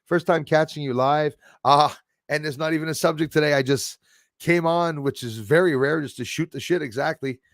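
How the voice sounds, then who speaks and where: A man's voice: on the high side, moderate pace, dry recording, clean studio sound. A man hosting a casual livestream, chatting loosely and reading out viewer comments with frequent laughs and fillers. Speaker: livestream host.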